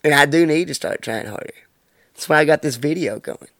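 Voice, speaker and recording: A man's voice: fairly high pitch, a little fast, fairly bright tone, no echo, studio quality. A man in his twenties talking alone on his podcast, blunt and heavy on profanity, ranting about his life. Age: 20s. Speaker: podcast host. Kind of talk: casual monologue.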